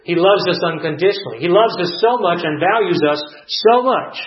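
A man's voice: sits high, expressive, fairly quick. A man preaching a sermon, reading scripture aloud and building to earnest, emphatic peaks. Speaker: pastor. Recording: roomy, dull lo-fi sound.

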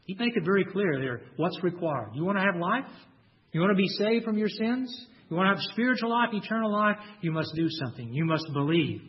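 A man's voice: high-pitched, expressive. Emphatic preacher man, muffled recording. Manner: emphatic, stresses key words with slow drawn-out lines; repeats words when restarting. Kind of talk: sermon. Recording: dull lo-fi recording.

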